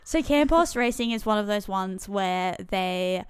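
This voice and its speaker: A woman's voice: medium pitch, expressive, measured pace, clear, resonant tone, no room sound, studio quality. A woman with an Australian accent co-hosting a casual podcast, reading out facts and giggling as she apologizes for mispronouncing names. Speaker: podcast co-host. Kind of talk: casual chat.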